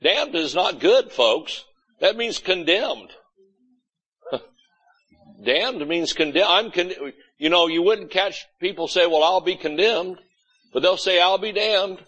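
A man's voice: high voice, a little slow, a bit bright, husky, dull audio. A man preaching a sermon as pastor, folksy and blunt, often mimicking complaining churchgoers. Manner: folksy, blunt preaching with mocking quoted voices. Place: church sanctuary.

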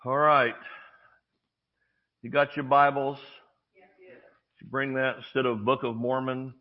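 A man's voice: medium pitch, slow. A man preaching a sermon, telling stories with acted-out voices and jokes. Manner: storytelling preacher, animated, acts out voices and jokes. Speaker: pastor. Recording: dull lo-fi sermon audio.

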